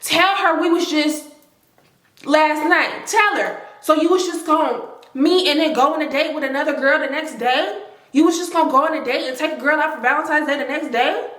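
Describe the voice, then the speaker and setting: A woman putting on a shrill, pushy young woman. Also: normal speed, a bit bright, reverberant. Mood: accusing. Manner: pushy, accusing. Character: angry young woman confronting a rival.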